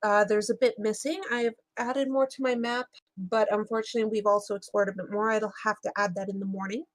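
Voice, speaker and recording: A woman plays a tabletop role-playing game in character, speaking fairly quickly in a mid-range, level voice. She hesitates often, using many fillers and restarting lines, and the recording has no echo.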